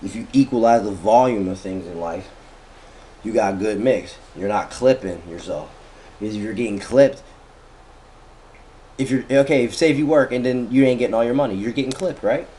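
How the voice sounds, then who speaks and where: A man giving a casual, profane motivational rant as a vlogger, talking slangy and sometimes drawing words out slowly. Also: on the low side, dark tone, a little hiss or hum.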